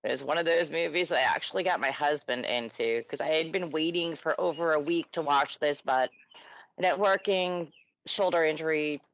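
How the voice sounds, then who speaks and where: A woman's voice: low-pitched, normal speed. A woman from New York co-hosting a movie podcast, bantering playfully after a few drinks. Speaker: podcast co-host. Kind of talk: casual chat. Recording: slightly dull, dry sound.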